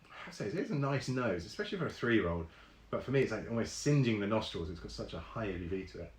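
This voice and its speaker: A man's voice: lowish voice, big pitch swings, quick pace, reverberant. A man hosting a live online whisky tasting, chatting casually with many ums and reading viewer comments aloud.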